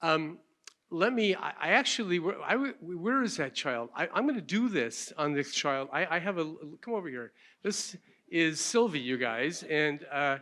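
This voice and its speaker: Older man, gentle pediatrician, slightly high. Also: animated, moderate pace. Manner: gentle, plainspoken, self-deprecating. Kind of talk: demonstration and conference talk.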